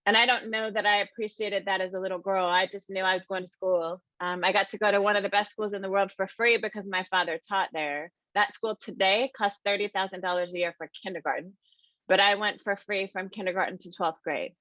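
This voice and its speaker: Bright-voiced woman giving a lively keynote. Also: medium pitch, a little fast, no room sound, highs cut off. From American Midwest. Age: around 50. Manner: lively, conversational, addresses the audience as y'all. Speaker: keynote speaker. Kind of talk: conference keynote storytelling. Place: conference room.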